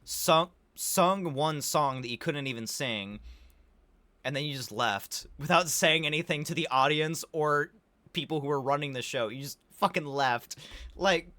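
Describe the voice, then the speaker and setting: Bright-voiced young man ranting about a movie. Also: a little high, unhurried, no echo. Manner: rambling, swears a lot, heavy on fillers like "like". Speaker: video creator reviewing a movie. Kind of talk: casual movie recap rant.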